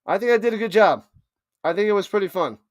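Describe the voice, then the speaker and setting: A man calls football plays live on his stream with loose, playful banter, talking fast in a high, bright voice. He's animated and joking and keeps stumbling over names, and the sound is close and dry with no echo or room around it.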